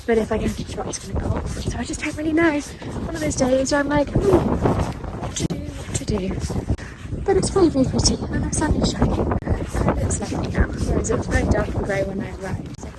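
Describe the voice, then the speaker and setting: A young woman vlogging at a horse yard, chatting fast and rambling with lots of ums. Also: high-pitched, expressive, very noisy. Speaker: equestrian vlogger. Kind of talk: casual vlog chat to camera.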